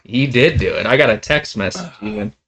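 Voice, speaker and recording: A man's voice: medium pitch, lively intonation, a little fast, fairly bright tone. A man co-hosting a casual gaming podcast, laid-back, mostly giving short reactions and asking questions. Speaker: podcast co-host.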